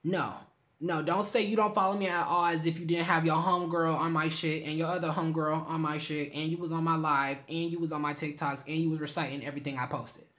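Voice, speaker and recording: A woman's voice: deep voice, fairly even intonation, quick pace, a bit bright. A young woman in her twenties telling a storytime on her vlog, sassy and blunt, full of slang.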